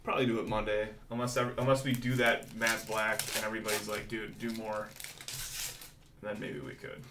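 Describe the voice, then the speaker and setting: A man hosting a live card-breaking stream, calling out each pull with hyped excitement. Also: fairly low pitch, fairly quick. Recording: roomy echo from mic distance, faint noise.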